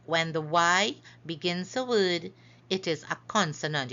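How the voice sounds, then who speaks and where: A woman teaches phonics at an unhurried pace and carefully sounds out each example word. Her voice is bright and sits a little low. The recording is somewhat dull and lo-fi. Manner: slow, careful, stretches out example words. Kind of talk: phonics lesson narration over slides.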